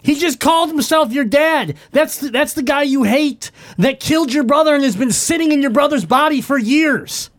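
A man's voice: extremely high pitch, moderate pace, few pauses. A man playing a tabletop game, blunt and swearing freely, unsure of the rules. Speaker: player. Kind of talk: casual game chat.

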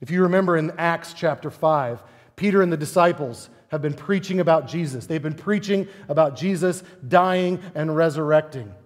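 A male pastor preaching a sermon, animated and emphatic, with many rhetorical questions. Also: on the high side, moderate pace, in a large hall.

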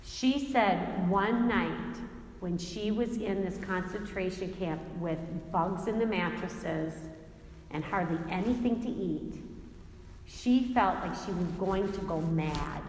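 A woman's voice: on the low side, slow, a little hiss or hum. A woman giving a Christian faith talk, telling stories animatedly, acting out quotes and laughing often. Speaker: Christian speaker. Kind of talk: faith talk with personal storytelling. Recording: echoey hall with long reverb, faint ambience.

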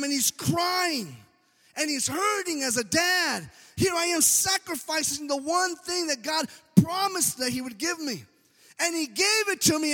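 A man's voice: very high voice, sharp tone, big-room sound. A man preaching a sermon in an emphatic, sing-song cadence, often dropping an "amen".

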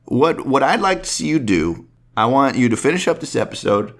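A man impersonating a soft-spoken, polite male comedian in a halting, stammering voice. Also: sing-song. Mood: bashful. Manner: high, halting, stammering goofball voice.

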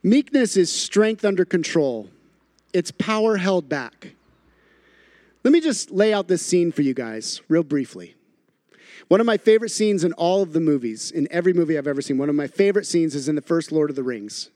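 A man's voice: a little high, lively intonation, normal speed, darkish tone, no echo, clean studio sound. A man preaching a sermon as a pastor, telling a story with animation and repeating phrases for emphasis.

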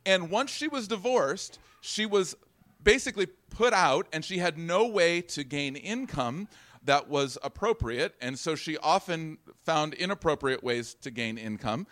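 A man delivering a sermon to his congregation, with a fairly high voice for a man. He explains the scripture in a relaxed, conversational way and turns to the listeners with questions and small jokes. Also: unhurried. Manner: conversational teaching with asides to the congregation. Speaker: pastor.

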